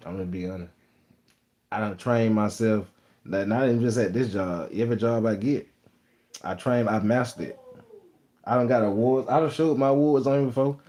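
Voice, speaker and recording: A man's voice: fairly low pitch, moderate pace, long pauses, dark tone. A young man with a Texas Southern accent, hosting a live stream, rambling and bragging in slangy casual chat. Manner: boastful, rambling, slangy storytelling.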